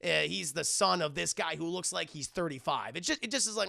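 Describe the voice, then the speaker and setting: A man streaming a casual movie review, excitable and profane, retelling scenes with lots of energy. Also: fairly high pitch, fairly quick, creaky.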